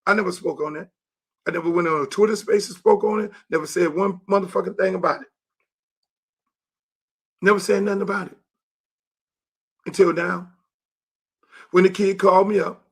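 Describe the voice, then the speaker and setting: High-voiced man ranting. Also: fairly even intonation, moderate pace, creaky, long pauses, breathy edge. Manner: angry, profane, rising to shouts. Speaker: show host and youth football coach. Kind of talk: heated monologue.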